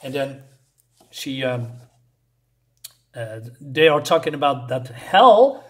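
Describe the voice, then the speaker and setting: A man's voice: mid-range voice, very animated, slow pace, a bit bright. A man reviewing a comic book in casual talk, exasperated and sarcastic as he mocks the writing. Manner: exasperated and sarcastic, mocking the dialogue.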